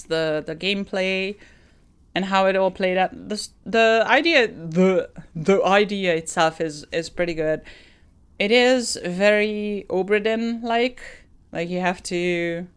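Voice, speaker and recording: A woman's voice: fairly low pitch, a little slow, clean tone. A woman game streamer casually reviewing a game she just finished, thinking aloud with many fillers and restarts.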